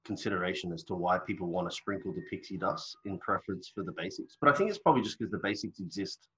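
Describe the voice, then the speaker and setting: A man with a lowish voice talks fast and with energy in a casual podcast chat. He drops the odd swear word without a pause. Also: poor audio. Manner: quick, animated storyteller, swears casually.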